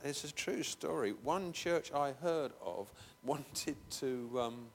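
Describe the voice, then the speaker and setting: A man's voice: mid-range voice, expressive, slow pace, hardly any pauses, a little hiss or hum. Man preaching in a reverberant church. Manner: conversational, rises to emphatic bursts. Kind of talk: sermon. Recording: long hall reverb.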